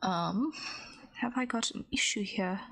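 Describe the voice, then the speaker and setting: A woman's voice: medium pitch, measured pace, fairly bright tone, dry recording, clean studio sound. A woman streamer talking casually while she draws, thinking aloud and answering chat questions. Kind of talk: casual narration while drawing.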